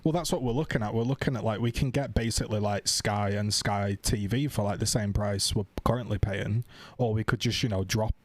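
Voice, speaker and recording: A British man streaming, telling a story in casual, animated chat and swearing freely. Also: fairly low pitch, fairly quick, no room sound. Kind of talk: casual chat, ranting anecdote.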